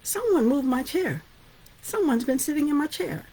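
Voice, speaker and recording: A woman's voice: sits high, sing-song, normal speed, warm tone, pitched above the performer's own voice. A woman voicing an indignant father bear in a retold fairy tale.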